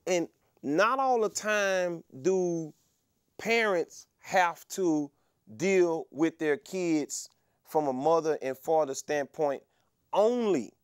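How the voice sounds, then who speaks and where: A middle-aged man, an interview guest telling a story in a casual, animated way with many fillers and restarts. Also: high voice, clean tone, no room sound, studio quality. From Texas.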